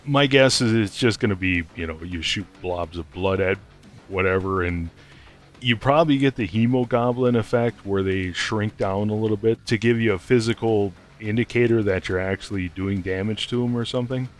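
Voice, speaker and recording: A man's voice: lowish voice, normal speed, faint music behind. A man giving casual gaming news commentary, chatty and speculative, thinking aloud as he goes. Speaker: gaming video host.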